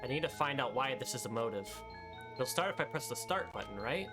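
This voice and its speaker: A man's voice: medium pitch, expressive, fairly quick, over music. A man streaming a game with friends, reading its story text aloud. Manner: stumbles, then reads narration smoothly.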